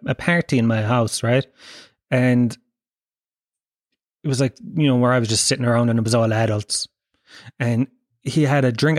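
A man spins loose, profane anecdotes in a wry, chatty way and often laughs mid-sentence. His voice sits at a middling pitch. The sound is dry and close, with no room around it. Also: dry recording. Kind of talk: casual comic storytelling.

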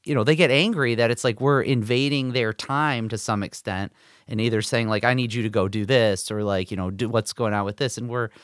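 A man's voice: mid-range voice, a little fast, fairly bright tone, no room sound, studio quality. A man in his forties co-hosting a podcast, telling stories in a rambling, filler-heavy casual chat. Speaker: podcast co-host.

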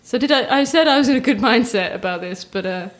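A young woman, a podcast guest chatting casually, self-mocking and animated, acting out what others say. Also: a little high, fast talker. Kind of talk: casual chat.

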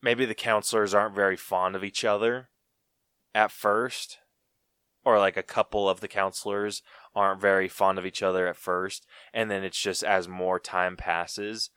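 A man's voice: sits low, little pitch movement, normal speed, sharp tone, smooth, no echo, clean studio sound. A man co-hosting a podcast in casual chat, rambling and laid-back, with lots of "like" as he thinks aloud. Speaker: podcast co-host. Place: podcast studio.

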